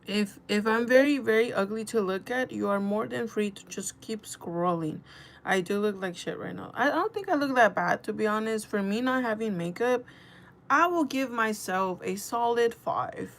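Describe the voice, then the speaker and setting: A young woman talks straight to her livestream chat in a mid-range voice. She rambles through stories with plenty of fillers and restarts, keeping it animated and casual. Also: mid-range voice, gravelly, slight background noise. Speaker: livestream host.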